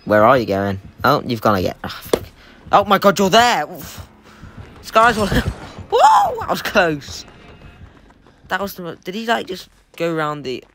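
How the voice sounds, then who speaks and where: A young man giving excitable, jokey live commentary while playing a game, swearing and trash-talking the opponent. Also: mid-range voice. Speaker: gaming YouTuber.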